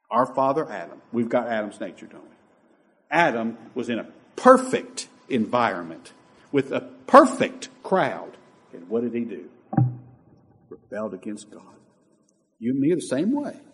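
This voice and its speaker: Impassioned preacher man with lively pitch. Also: a little slow, long pauses. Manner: impassioned, swings between loud emphasis and near-hushed asides. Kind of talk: sermon.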